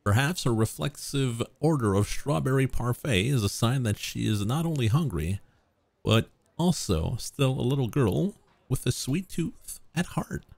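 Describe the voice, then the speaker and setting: A man's voice: medium pitch, animated, a little slow, vocal fry, a little mellow, no room sound. A man streaming a visual novel, reading the narration and characters aloud and breaking off into joking asides. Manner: reads narration, then drops into joking asides.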